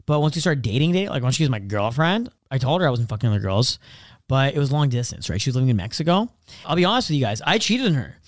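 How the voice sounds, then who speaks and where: A man's voice: fairly high pitch, no room sound, clean studio sound. A young man chatting as a podcast co-host, telling crude stories bluntly and acting out quotes. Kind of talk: casual chat.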